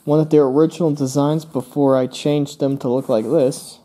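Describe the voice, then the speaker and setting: A man's voice: on the high side, little pitch movement, moderate pace, dark tone. A young man hosting his own channel, casually walking through his old drawings in a rambling way, with fillers and playful asides. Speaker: channel host.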